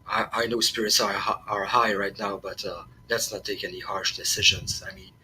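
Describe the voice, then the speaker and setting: A man voicing Hector, a curious note-taking survivor, in his own measured voice. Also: on the low side, steady tone, bright, forceful tone, a little hiss or hum, poor audio. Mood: calm. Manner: measured, hesitant persuasion.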